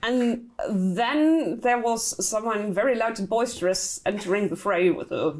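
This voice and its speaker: A woman narrating a tabletop game as dungeon master, her voice at a middle pitch. She talks in a lively way and laughs often as she sets the scene. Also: a little slow, a little hiss or hum.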